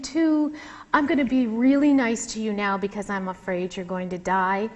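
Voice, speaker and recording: Candid woman author reading her memoir. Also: on the high side. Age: middle-aged. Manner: candid, animated, swears freely.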